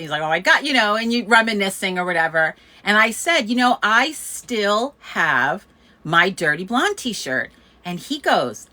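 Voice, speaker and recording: A woman, chatting casually as host and telling a story, laughing often and acting out the people she quotes. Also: medium pitch. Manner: chatty, laughs often, animated quoting of others. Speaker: host of a community coffee chat.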